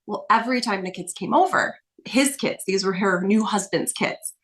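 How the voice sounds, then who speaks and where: A woman coach talking as a podcast guest in a mid-pitched, everyday voice. She explains her points emphatically, in a casual, conversational way. She keeps checking in with the listener, adding "right?" to nearly every point. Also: normal speed.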